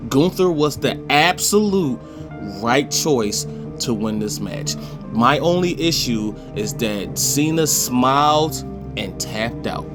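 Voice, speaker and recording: A man's voice: medium pitch, lively intonation, takes it slowly, music in the background. A man, passionately ranting in a casual opinion vlog and swearing freely. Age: 20s. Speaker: commentator.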